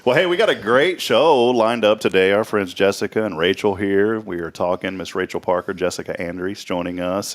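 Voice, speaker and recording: A man hosting a morning talk show in a casual, joking, rambling way. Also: sits low. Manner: joking, rambling storyteller with quick asides. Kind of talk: casual chat.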